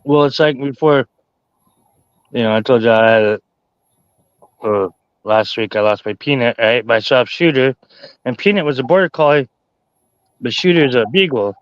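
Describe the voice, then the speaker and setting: A man's voice: mid-range voice, normal speed, long pauses, clean tone, no echo. Rambling man on a dull, dry recording. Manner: rambling, peppered with "you know". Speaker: dog owner in conversation. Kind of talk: casual chat.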